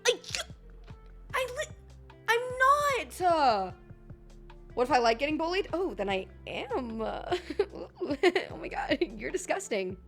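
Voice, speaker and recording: A woman's voice: sits high, big pitch swings, slow pace, fairly bright tone, faint music behind. A woman streamer chatting casually while reacting to a video, playful, swearing and laughing a lot.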